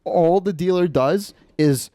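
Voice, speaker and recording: A man's voice: high-pitched, slow pace, warm tone, no echo, studio quality. A man hosting a podcast, telling a rambling, profane comedy story. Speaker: podcast host.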